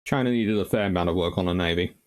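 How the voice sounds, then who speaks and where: A man's voice: sits low, fast. A man hosting a live stream, reading out viewer comments and answering them in a casual, rambling way with frequent ums and uhs. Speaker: host answering viewer questions.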